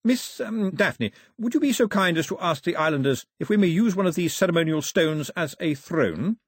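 A man voicing a polite, composed male official who speaks in a courteous, measured way, in an audiobook reading. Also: high-pitched, lively intonation, husky, dry recording, studio quality, voice pushed up. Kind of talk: audiobook character voice.

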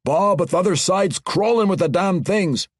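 A man voicing a worried dwarf soldier shouting back in protest with a dwarven brogue. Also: sits high, normal speed, dry recording, studio quality, voice pushed up. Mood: alarmed.

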